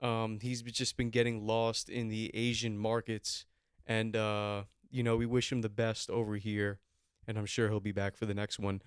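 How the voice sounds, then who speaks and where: A man's voice: fairly low pitch, little pitch movement, moderate pace, clean tone, dry recording, studio quality. A young man hosting a podcast, telling a rambling, profane story with mock outrage. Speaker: podcast host. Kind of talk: comedic storytelling chat.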